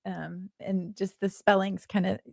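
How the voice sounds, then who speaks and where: A woman co-hosting a podcast in casual chat, chatty and quick to laugh. Her mid-range voice has a gravelly fry to it. The recording is dry and close. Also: mid-range voice, little pitch movement, mellow, dry recording. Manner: chatty, laughs often, lots of fillers. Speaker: podcast co-host.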